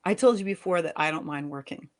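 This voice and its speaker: A woman reading the part of a fed-up young wife and mother, sharp and sarcastic with her husband. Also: deep voice, fast, natural voice. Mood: scolding. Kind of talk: live fiction reading.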